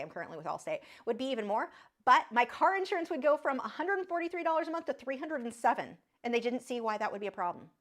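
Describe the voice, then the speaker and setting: A woman in her thirties hosting an art livestream, talking loosely and off the cuff. Her voice sits a little high, and she rambles, trails off and restarts, sounding exasperated. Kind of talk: casual livestream chat.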